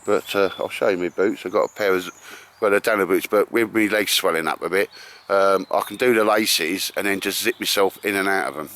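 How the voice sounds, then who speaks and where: A man's voice: deep voice, brisk, fairly bright tone. A man with an Essex accent chatting to camera in the woods, rambling and matey, calling everyone mate. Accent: Essex English. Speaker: bushcraft vlogger. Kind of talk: casual chat to camera. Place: outdoors in woodland.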